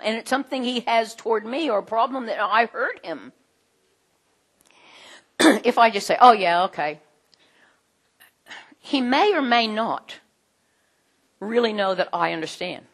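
A middle-aged woman teaching a group in a conversational way, animated, with many fillers. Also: fairly high pitch, unhurried, pauses often, slightly rough. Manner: animated, acts out quoted voices, frequent fillers.

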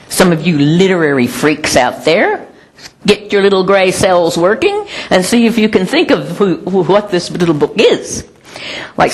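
A woman preaches a sermon in a chatty, animated way, full of asides and restarts. Her voice sits on the low side and sounds husky, with a gravelly fry on it.

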